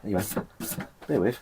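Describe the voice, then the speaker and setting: A mellow male voice comes through with a little hiss or hum. He's an Englishman in a cold shed, shivering as he casually reviews a beer, chatty, foul-mouthed and prone to rambling with self-mocking laughter.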